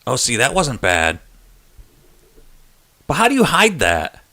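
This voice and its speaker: A man's voice: mid-range voice, huge pitch swings, slow, pushed and bright. A man hosting a casual live chat stream, joking and laughing with viewers as he reads their messages. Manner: chatty and joking, laughs often.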